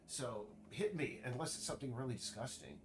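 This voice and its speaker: A man streaming, chatting casually in a rambling, halting way full of restarts while he works. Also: mid-range voice, sing-song, background noise. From United States.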